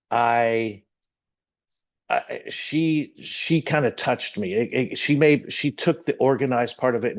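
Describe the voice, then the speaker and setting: A middle-aged man shares his faith story in an earnest, emotional way, often restarting his sentences as he talks. His voice sits at an ordinary pitch. The recording sounds a little dull and lo-fi. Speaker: church member sharing testimony. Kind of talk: personal testimony talk.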